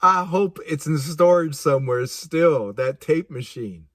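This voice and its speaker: A man telling a personal story casually, animated and laughing, with vivid sound effects. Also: fairly high pitch, measured pace, dry recording, clean studio sound. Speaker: speaker.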